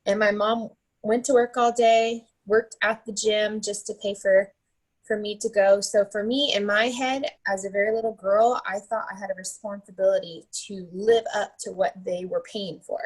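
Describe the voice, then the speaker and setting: Husky woman telling a motivational story. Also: mid-range voice, fairly even intonation, moderate pace, rough recording. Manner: chatty, tags points with "right?" and "like". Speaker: team leader giving a motivational talk.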